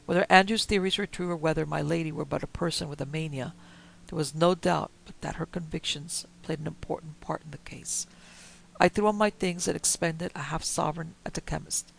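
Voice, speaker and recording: A man reading a Victorian-style story aloud in a measured, quiet manner. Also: on the high side, steady tone, creaky, slight background noise, rough recording. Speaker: narrator.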